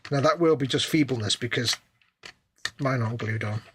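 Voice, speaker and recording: This British man builds a model kit on a live stream, making casual self-mocking chat and muttering while he fiddles with the pieces. He speaks in a mid-range voice at a moderate pace, over loud background noise and clicking keys.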